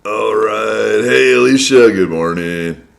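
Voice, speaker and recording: Low-voiced male stream host, a bit hoarse, friendly and chatty, greeting viewers from home. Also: slow pace. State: slightly hoarse from a long day of loud speaking. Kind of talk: casual live-stream chat greeting viewers. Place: indoors at his home.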